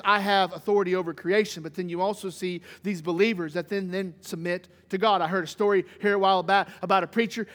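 High-voiced preacher in a reverberant hall. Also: male voice. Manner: animated, swings from loud emphasis to hushed. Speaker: pastor. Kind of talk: sermon.

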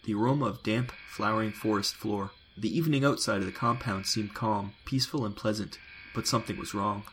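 A man reading a science fiction audiobook in a measured, descriptive way. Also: lowish voice, fairly bright tone, slight background noise, rough recording. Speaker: narrator. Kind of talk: scripted sci-fi audiobook narration. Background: music.

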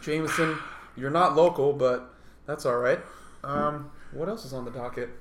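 A man's voice: on the high side, moderate pace, roomy sound, a crowd in the background. A man co-hosting a podcast in casual chat, rambling and joking and swearing freely. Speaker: podcast co-host.

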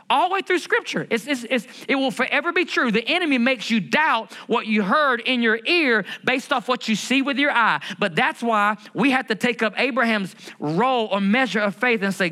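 A man preaching a sermon as pastor of a church, in a lively conversational way with humor and rhetorical questions. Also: high voice, normal speed. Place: church building.

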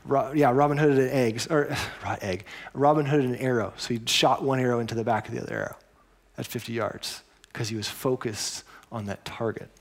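A man's voice: medium pitch, fairly even intonation, fairly quick. A man preaching a sermon as pastor, telling stories in a conversational way with explanatory asides.

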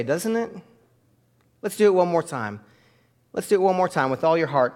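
A middle-aged pastor delivering a sermon in a slightly high voice. He tells stories in a loose, chatty way full of fillers, then lifts into loud, fervent calls for his congregation to repeat prayers after him. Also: animated, moderate pace, long pauses. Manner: conversational storytelling with many fillers.

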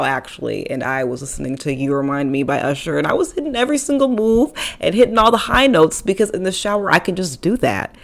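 Young female podcast host with a low-pitched voice, casual and chatty, quick to poke fun at herself. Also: gravelly. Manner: chatty, self-deprecating, playful asides. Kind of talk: casual solo podcast talk. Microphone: studio microphone.

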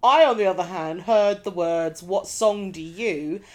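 A woman with a London accent, co-hosting a podcast in casual chat, giggly and quick to swear. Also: on the low side. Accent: London English. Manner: giggly, swears freely, lively. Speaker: podcast co-host.

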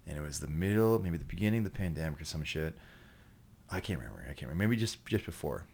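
Low-pitched man, podcast guest, loose and profane, keeps restarting his sentences. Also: animated, quick pace, vocal fry, a little mellow, a little hiss or hum. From Canada. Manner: profane, rambling, with many restarts. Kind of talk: casual storytelling chat.

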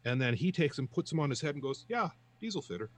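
A man voicing an indignant factory worker in a told joke, shouting his protest about unfair pay. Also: fairly high pitch, sing-song, fast talker, voice pushed up. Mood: outraged.

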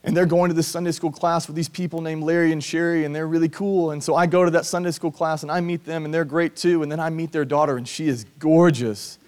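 A man's voice: a little high, little pitch movement, fast talker, few pauses, darkish tone, smooth. A man in his thirties from Georgia, a pastor preaching a sermon in a conversational, earnest way during a church service. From Georgia, USA. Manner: conversational, earnest, acts out quoted voices. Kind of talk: sermon with personal storytelling.

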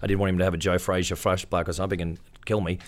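A middle-aged Australian man with a fairly low voice tells stories in a relaxed interview. He talks casually and brings his anecdotes to life by acting out other people's voices. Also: rapid-fire. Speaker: interview guest, tribute performer.

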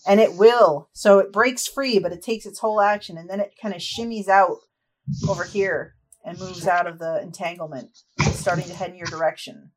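With a fairly low voice, this woman runs a tabletop fantasy game, vividly describing each charge and claw. Her narration is animated, and she laughs briefly between dice rolls.

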